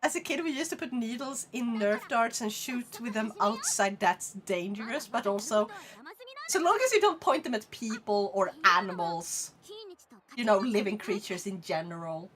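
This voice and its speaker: A woman's voice: medium pitch, animated, moderate pace, a bit bright. A woman from Sweden with a Swedish accent, chatting casually on a live stream, reading viewer comments aloud and laughing often.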